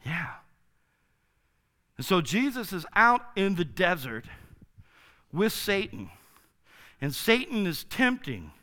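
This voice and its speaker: A man preaching a sermon in a casual, enthusiastic, slangy way, swinging from loud to soft. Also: sits high, very animated, slow pace, long pauses. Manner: enthusiastic, informal, slangy, dramatic swings in loudness. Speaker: pastor.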